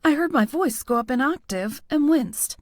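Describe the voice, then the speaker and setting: Woman, audiobook narration, first person, wry and expressive, fairly high voice. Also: moderate pace, no echo.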